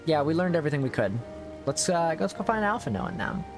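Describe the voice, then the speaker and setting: A man's voice: a little high, sing-song, fast, music in the background. A man streaming a game, chatting casually and joking with its characters. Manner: jokey, chats with game characters. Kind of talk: casual gameplay commentary.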